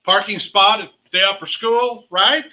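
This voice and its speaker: Excitable man calling a charity auction. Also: high voice, unhurried, rough recording. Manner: excitable, playful and teasing, cheering on bidders; calls rising bid amounts.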